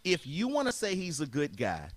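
A man's voice: on the high side, wildly swooping pitch, normal speed, no room sound. Insistent man hosting a heated debate. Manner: insistent, interrupting, repeats himself. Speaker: podcast host.

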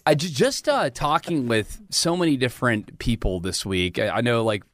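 A man's voice: mid-range voice, lively intonation, moderate pace, a little hiss or hum. A man hosting a podcast, bantering with cohosts, teasing and laughing, often interrupting himself. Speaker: podcast host. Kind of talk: casual radio-style show banter. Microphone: studio microphone.

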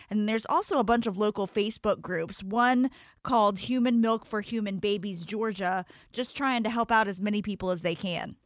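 A woman's voice: mid-range voice, no room sound, studio quality. A woman co-hosting a morning radio show, reading local news in a chatty way. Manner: chatty, conversational.

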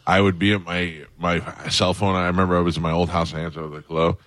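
A radio host with a very deep voice talks in a studio. He chats with his guest and tells his own stories. The sound is close and dry. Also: flat delivery, rapid-fire, fairly bright tone, no room sound. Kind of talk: casual radio interview.

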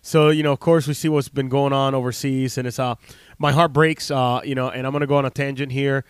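A man's voice: mid-range voice, flat delivery, fairly quick, smooth, dry recording. A man in his late thirties from the United States, a health practitioner talking casually to camera in a rambling, heartfelt way, full of fillers and restarts. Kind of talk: casual unscripted monologue.

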